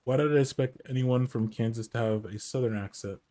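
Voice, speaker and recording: Chatty male gamer, mid-pitched. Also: fairly even intonation, brisk, dark tone. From US Midwest. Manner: chatty, answers chat questions aloud. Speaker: streamer. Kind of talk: casual gameplay commentary.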